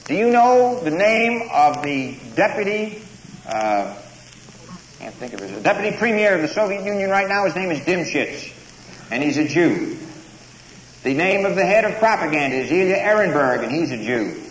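A man's voice: fairly high pitch, very animated, moderate pace. A man giving a declamatory public speech to a live audience in a lecture hall, then taking questions, building his points up to punchy lines. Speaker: invited speaker at a campus lecture. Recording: roomy hall recording with faint hiss.

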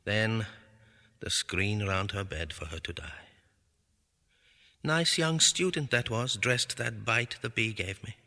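A man's voice: on the low side, lively intonation, takes it slowly, pushed and bright, dry recording, clean studio sound, exaggerated voice. An actor voicing a middle-aged man's inner monologue in clipped, murmured fragments of thought. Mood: musing. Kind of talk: audio drama inner monologue.

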